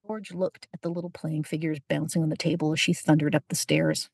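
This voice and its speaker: Low husky woman narrating a story. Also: level tone, brisk, darkish tone, dry recording, studio quality. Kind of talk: audiobook narration.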